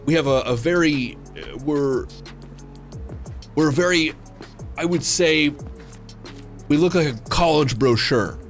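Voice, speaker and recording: Speaking slowly and pausing often, a gamer host with a higher-pitched voice tells a loose story on his livestream while faint music plays. He curses freely, and fillers and restarts run through his talk.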